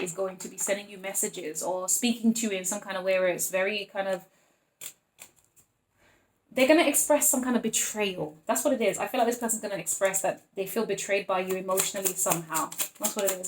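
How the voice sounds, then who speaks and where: A woman's voice: medium pitch, noisy background. A woman giving a casual tarot reading, chatting freely, laughing often and acting out the voices of the people she describes. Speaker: tarot reader.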